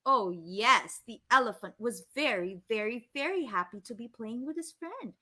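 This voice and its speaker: High, lively Filipino woman storyteller. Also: moderate pace. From Philippines. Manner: animated, asks the kids questions, gushing. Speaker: children's storyteller. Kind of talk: live storytime reading for kids.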